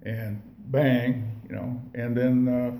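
Slow and dark, with little pitch movement, a mid-range male voice tells an audience his recovery story. He wanders, curses and keeps things folksy, often starting sentences over, in an echoey room.

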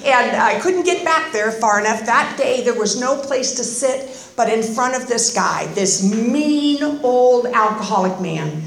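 High-voiced older woman telling a wry story. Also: expressive, a little slow, gravelly, few pauses, reverberant. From Northern California. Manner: humorous, self-deprecating, chatty asides. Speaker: speaker at a recovery meeting. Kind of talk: personal storytelling talk.

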